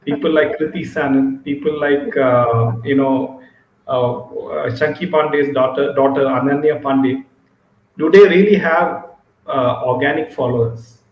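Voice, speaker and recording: A man's voice: medium pitch, a little slow, echoey room, highs cut off. A man joining as a guest in a casual discussion, asking doubtful questions in a hesitant way.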